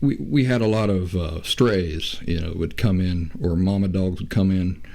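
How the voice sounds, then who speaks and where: A man hosting his own show, talking in a reflective, unhurried way with frequent restarts and pauses. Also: sits low, gravelly, dark tone. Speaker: podcast host. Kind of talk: reflective casual talk.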